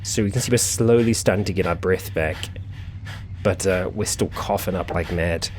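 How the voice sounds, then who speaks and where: A man with a fairly low voice hosts a let's play, commenting on the game at a normal speed. He's chatty, thinks out loud, and leans on casual fillers. A faint hiss runs beneath the recording.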